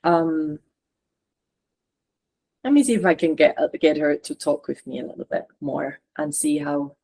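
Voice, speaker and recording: A woman channeler and coach guiding a spiritual session over a video call, talking in halting, searching phrases. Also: deep voice, mellow. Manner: halting, searching, relays messages.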